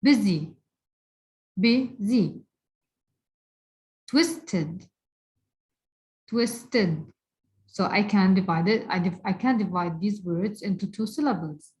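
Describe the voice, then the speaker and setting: A woman teaching a recorded English grammar lesson, repeating words slowly and deliberately for her students. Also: medium pitch, expressive, darkish tone, low-quality recording. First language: Arabic.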